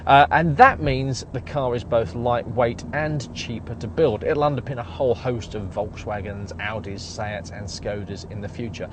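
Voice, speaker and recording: Man, car reviewer, enthusiastic and joking, medium-pitched voice, traffic noise clearly behind. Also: moderate pace, few pauses. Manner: chatty, enthusiastic, wry asides. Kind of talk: presenting a car review to camera.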